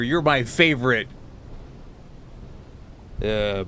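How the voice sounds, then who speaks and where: A man's voice: medium pitch, lively intonation, measured pace, bright, forceful tone, slight background noise. A man streaming live, chatting casually and teasingly with his viewers while tired and rambling.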